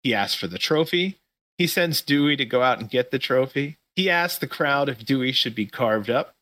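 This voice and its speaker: A man hosting a casual podcast, talking through a recap in loose, profane play-by-play. His voice is bright and forceful, recorded close and dry with no room sound. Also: medium pitch, dry recording. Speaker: podcast host.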